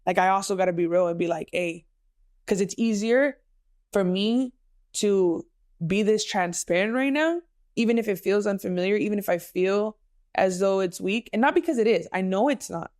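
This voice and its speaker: A woman's voice: mid-range voice, moderate pace, darkish tone, no echo, clean studio sound. A woman hosting a podcast, telling a personal story in an emotional, candid way and mixing in Spanish phrases. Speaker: podcast host. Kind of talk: casual personal podcast monologue.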